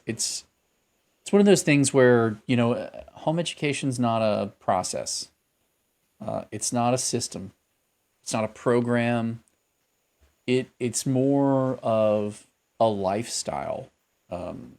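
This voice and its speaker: A podcast co-host with a medium-pitched, slightly mellow voice chats casually. He's thoughtful but rambling, with plenty of fillers and restarts.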